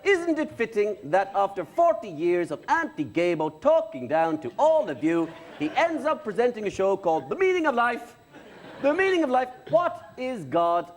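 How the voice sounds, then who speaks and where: A man's voice: very high voice, big pitch swings, normal speed, pitched above the performer's own voice, heavily acted. A man putting on a camp, preachy TV presenter who lectures the audience in a mock sermon. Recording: live studio with audience and noise.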